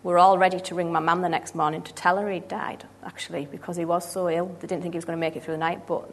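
A woman in her thirties giving a personal testimony at church, earnest and halting, with frequent restarts. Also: lowish voice, level tone, a little hiss or hum.

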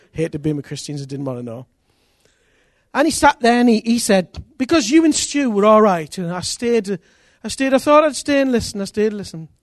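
Recorded in studio quality with no echo, a man with a high-pitched voice delivers a sermon. He tells conversion stories animatedly, voicing the people in them and repeating phrases.

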